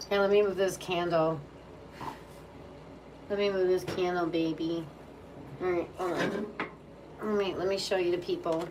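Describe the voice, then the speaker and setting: A woman's voice: lowish voice, fairly even intonation, moderate pace, pauses often. A woman tarot reader chatting casually and cooing in baby talk to her dog. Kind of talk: casual chat. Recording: distant mic with faint background hum.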